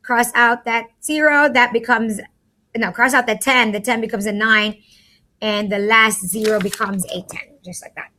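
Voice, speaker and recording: A woman's voice: a little high, fairly even intonation, moderate pace, bright, forceful tone. A woman teacher in a recorded math lesson, chatty and talking through each step aloud to her students.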